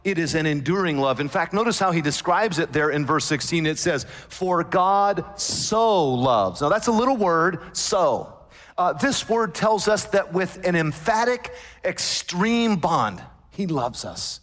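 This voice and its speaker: A man preaching a sermon, emphatic, slowing down to stress scripture quotations. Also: fairly high pitch, animated, fairly bright tone. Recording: long hall reverb.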